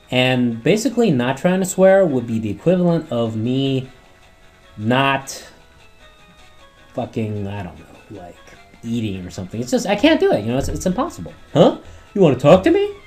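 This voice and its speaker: A man's voice: mid-range voice, a little mellow. Swearing, rambling let's-play man. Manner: rambling, heavy swearing, talks back at the game. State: throat worn from yelling. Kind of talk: gameplay commentary.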